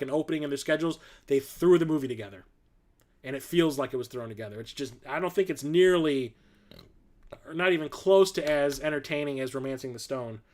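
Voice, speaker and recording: Male host, 40s, slightly high voice, chatty and rambling with lots of fillers, for a casual stream. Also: a bit bright. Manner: rambling, filler-heavy, enthusiastic. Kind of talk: casual livestream chat.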